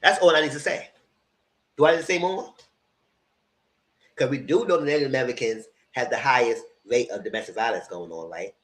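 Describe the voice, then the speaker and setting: A man's voice: mid-range voice, fairly quick, pauses often, a bit bright, rough recording. Guy going off on his live stream, heated, cussing, hammering every point. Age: adult, past graduate school. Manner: heated, emphatic, profane ranting. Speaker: vlog host.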